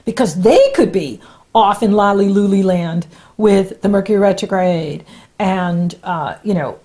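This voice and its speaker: A woman's voice: medium pitch, a little slow. A woman giving a casual spoken horoscope reading as an astrologer, chatty and encouraging, often laughing between points. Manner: warm, encouraging advice-giving.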